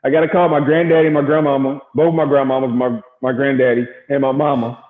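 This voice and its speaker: A middle-aged man from Gary, Indiana, a former baseball pitcher, telling stories in a casual interview and acting out quotes. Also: a little fast. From Gary, Indiana, USA. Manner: animated storyteller acting out quotes. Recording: echoey, tinny phone-like sound.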